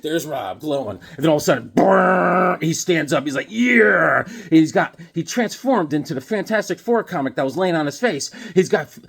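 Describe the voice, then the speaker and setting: Husky, rambling man telling comic stories. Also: on the high side, fairly quick, hardly any pauses. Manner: rambling, animated, lots of fillers and restarts. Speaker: comic book channel host. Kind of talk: casual storytelling vlog.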